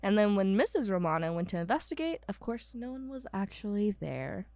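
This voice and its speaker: With an Ohio accent, a woman co-hosting a podcast casually tells the history of a haunted house, rambling with lots of "um"s and self-corrections. Her mid-range voice is sing-song and darkish in tone, a little fast, with no echo.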